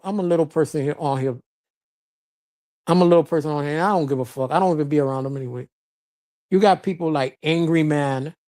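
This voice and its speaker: A casual streamer based in Florida who talks loose and unfiltered, laughing a lot between thoughts. The voice sits in a middle pitch with a dark, mellow tone. The talk rambles and doubles back as they read and answer chat. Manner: loose, chatty, laughs often, blunt and profane. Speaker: live-stream host. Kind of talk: casual live-stream commentary, reading chat. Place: lives in Florida.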